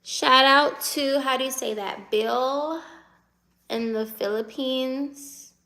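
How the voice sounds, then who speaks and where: A woman's voice: high voice, slow pace, pushed and bright. A woman in her twenties from the United States, chatting casually on a live stream and answering viewer comments as she reads them, laughing often. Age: 20s.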